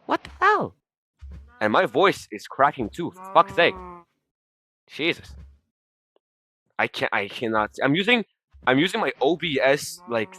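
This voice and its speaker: A man's voice: mid-range voice, sharp tone. Rambling, cursing young man gaming. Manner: rambling, self-interrupting, swears often. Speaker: gaming commentator. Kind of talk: rambling casual commentary over gameplay. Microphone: desktop mic while recording screen.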